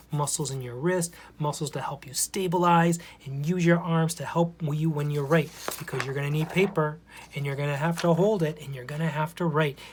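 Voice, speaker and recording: A man teaching preschoolers in a video, explaining step by step in a friendly, patient way. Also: on the high side. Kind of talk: instructional video for young children.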